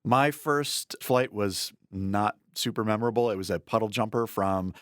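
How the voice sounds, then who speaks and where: A man's voice: lowish voice, fairly bright tone, dry recording, studio quality. A man co-hosting a casual chat, telling stories with wry asides. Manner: wry, storytelling, quick asides. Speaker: podcast co-host.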